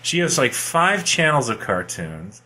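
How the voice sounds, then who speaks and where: Man, middle-aged, bright voice, animated storyteller, faint hiss. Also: mid-range voice, a little slow. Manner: animated anecdotes, laughs while talking. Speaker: podcast co-host. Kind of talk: casual nostalgic chat.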